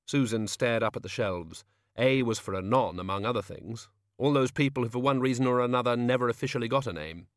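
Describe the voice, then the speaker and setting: A man narrating an audiobook in a wry, expressive storytelling manner, recorded in a studio. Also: mid-range voice, a little fast, no room sound. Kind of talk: scripted narration.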